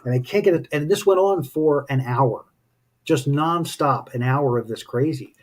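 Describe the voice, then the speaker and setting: Husky-voiced man telling a story. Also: on the high side, moderate pace. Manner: thoughtful, anecdotal storytelling. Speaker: spiritual teacher. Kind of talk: casual reflective talk.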